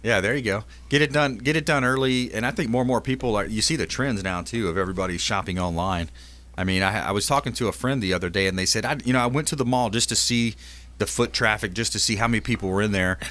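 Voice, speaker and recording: A man's voice: lowish voice, fast talker, a bit bright. A man hosting a casual radio talk show, upbeat and salesy, trading tips with his guests. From Tampa Bay area, Florida.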